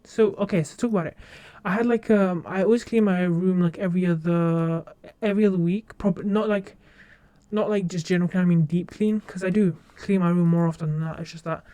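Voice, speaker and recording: Young female streamer, warm mellow tone, gushing casual chat full of fillers. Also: fairly low pitch, fairly even intonation, fairly quick. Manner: rambling, gushing, many fillers and restarts.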